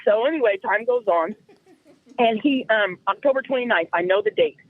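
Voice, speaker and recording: A woman calling in to a show, telling a long story in an animated, rambling way over the phone. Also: a little high, normal speed. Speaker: caller. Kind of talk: call-in storytelling. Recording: tinny phone line.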